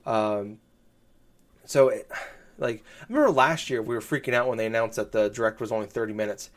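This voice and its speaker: A man's voice: fairly low pitch, brisk. Rambling casual man talking games. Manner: rambling, full of fillers and restarts, animated. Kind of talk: casual gaming podcast chat.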